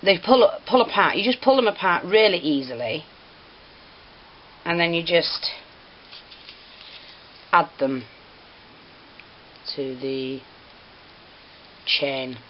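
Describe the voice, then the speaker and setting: Low-voiced lady showing a craft project, chatty, slightly muffled recording with a bit of hiss. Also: animated, takes it slowly, pauses often. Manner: chatty, apologetic, prone to giggling fits. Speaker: craft teacher. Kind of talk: hands-on craft tutorial. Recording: slightly dull home recording with faint hiss.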